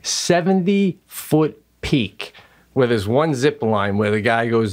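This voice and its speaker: In a slow, mid-range voice, a middle-aged man co-hosting a podcast spins a story during relaxed chat. He's an animated storyteller who performs the voices of anyone he quotes.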